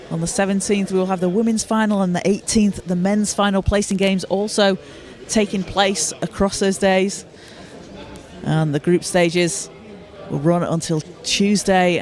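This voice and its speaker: Man, high voice, live sports commentator, courtside, steady informative delivery. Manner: steady, informative, with occasional restarts. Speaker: play-by-play commentator. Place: courtside at a basketball arena.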